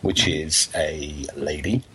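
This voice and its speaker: A man's voice: extremely low pitch, takes it slowly, pushed and bright, breathy edge, low-quality recording. A man with an English accent co-hosting a talk show, explaining things hesitantly with many ums. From England. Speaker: co-host. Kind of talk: casual chat.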